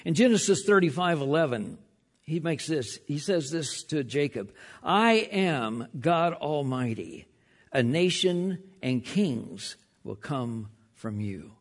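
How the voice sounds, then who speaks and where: This pastor preaches with emphasis and animation, frequently slowing and dropping to a hush at key lines while repeating words as he restarts. His voice runs a little high.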